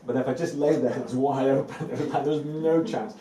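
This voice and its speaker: A man with a medium-pitched voice speaks fast in a steady tone, giving a live evening talk to a group as a spiritual teacher. He is earnest, repeats words for emphasis and lets out light laughs at times in an indoor room with an audience. He's far from the mic, off-mic in an echoey space, with crowd noise and faint ambient noise.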